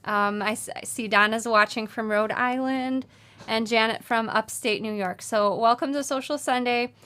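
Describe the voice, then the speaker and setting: A woman's voice: fairly high pitch, steady tone, normal speed, bright, forceful tone, clear, resonant tone. A woman hosting a casual live sewing chat, talking in a chatty, friendly way with many fillers. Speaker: sewing show host. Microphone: mic moved during the show, distant at first. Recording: sounds distant from the mic at first.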